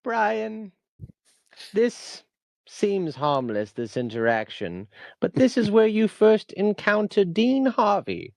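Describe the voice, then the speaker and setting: A ghostly grandmother murmurs a playful, foreboding warning, voiced by a man in a podcast bit. The voice rides up and down with a fairly high, lively lilt. It sounds close and dry. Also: slow pace, gravelly, dry recording, full character voice.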